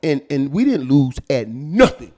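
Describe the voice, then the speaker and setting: Animated slangy man telling stories. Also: mid-range voice, a little slow. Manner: animated, slangy, repeats words and acts out quotes. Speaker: guest. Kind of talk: casual storytelling.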